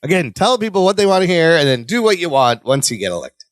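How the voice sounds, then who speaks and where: A man's voice: on the high side, quick pace, no room sound, studio quality. A man co-hosting a podcast, casually recapping a sitcom and joking while acting out the characters' lines. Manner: animated, jokey, acts out characters' lines. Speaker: podcast co-host.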